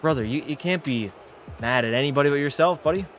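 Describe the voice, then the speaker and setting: Quick-paced, fairly high and fairly bright, a young man's voice carries over soft background music as he streams his hockey video game. A little tipsy from drinks, he swears freely, reads out and answers chat, and calls plays in rowdy sportscaster fashion.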